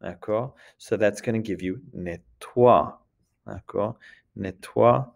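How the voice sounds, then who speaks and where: Male French teacher, low gravelly voice, patient step-by-step explaining. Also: takes it slowly, a little hiss or hum. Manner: explains step by step, often checks with "d'accord?". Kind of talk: recorded lesson walkthrough.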